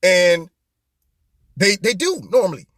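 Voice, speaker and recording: Animated man, high voice. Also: takes it slowly, no room sound, studio quality. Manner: animated, mocking, rhetorical questions. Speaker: host of a political commentary show. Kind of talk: opinionated political commentary.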